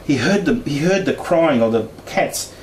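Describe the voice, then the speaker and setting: A man's voice: fairly high pitch, animated, moderate pace. A middle-aged man telling a personal story in a casual way, laughing often and acting out the voices he quotes. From Australia. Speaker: speaker sharing paranormal experiences. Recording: echoey room, distant mic, faint noise.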